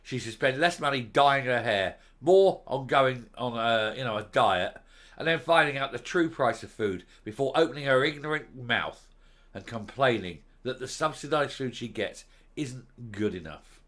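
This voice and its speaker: A middle-aged man giving furious political commentary on a vlog, hurling insults and mockery with loud outbursts. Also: medium pitch, lively intonation, normal speed. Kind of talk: angry ranting commentary.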